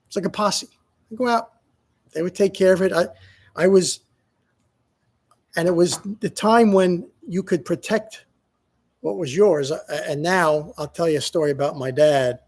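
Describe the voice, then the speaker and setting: A middle-aged man telling casual stories to the camera, rambling and restarting often. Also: high voice. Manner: rambling, halting with many restarts. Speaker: vlogger. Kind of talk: casual storytelling monologue.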